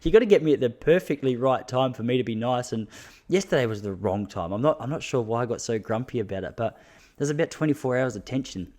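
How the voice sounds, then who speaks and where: A man's voice: mid-range voice, lively intonation, fast, a little mellow. A young Australian man hosting a podcast, telling casual stories with frequent laughs and self-mocking asides. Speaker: podcast host. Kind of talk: casual solo storytelling.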